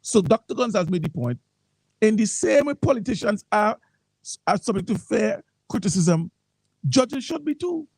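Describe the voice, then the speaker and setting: A man's voice: high voice, sing-song, normal speed, a little mellow, slightly rough, dry recording, poor audio. A man with a Vincentian accent hosting a morning talk radio show, reading posts aloud and commenting with frequent repeated words.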